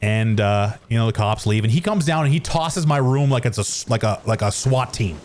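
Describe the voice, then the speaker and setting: A man's voice: medium pitch, animated, brisk, a little mellow. A man streaming from his home gaming setup on a studio microphone, telling a story in a rambling, self-mocking way full of restarts and fillers. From Canada. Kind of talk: casual storytelling while gaming. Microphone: studio dynamic microphone.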